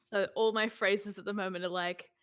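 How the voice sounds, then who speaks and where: A woman's voice: medium pitch, fairly even intonation, moderate pace, fairly bright tone, clean tone. A woman chatting casually on a video call, bubbly and giggly. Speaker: stream co-host.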